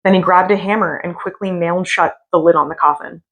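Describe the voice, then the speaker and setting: Woman reading a spooky story, low voice. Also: fairly even intonation, fairly quick, vocal fry, slightly rough. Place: hotel room.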